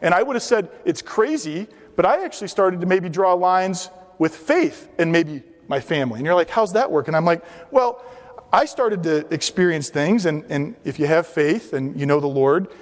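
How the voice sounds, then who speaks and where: Man with a slightly high voice, telling stories in a reverberant hall. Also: lively intonation, moderate pace, hardly any pauses. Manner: conversational, self-deprecating, acts out quoted dialogue. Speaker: guest lecturer. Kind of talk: storytelling lecture. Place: lecture hall. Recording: long reverb in a lecture hall.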